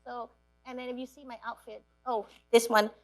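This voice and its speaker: Lively Cambodian-born woman telling stories. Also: on the high side, normal speed. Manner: lively storyteller, acts out quotes, laughs often. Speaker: guest speaker. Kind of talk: storytelling talk to students.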